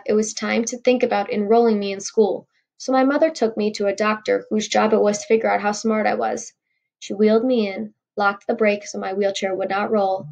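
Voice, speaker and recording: Woman audiobook reader, middle pitch, gravelly, wry first-person storytelling. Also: a little mellow. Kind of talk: reading a novel aloud.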